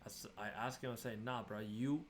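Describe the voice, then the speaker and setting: A man's voice: fairly low pitch, fairly even intonation, moderate pace, a little hiss or hum. Exasperated young man venting over gameplay. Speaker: gaming streamer. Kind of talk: casual gameplay commentary.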